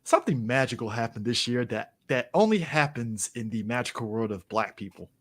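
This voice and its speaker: A man's voice: mid-range voice, lively intonation, a little fast, fairly bright tone. A man co-hosting a podcast, chatting casually and running through movie picks. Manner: chatty, recommending movies, laughing often. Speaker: podcast co-host. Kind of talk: casual chat.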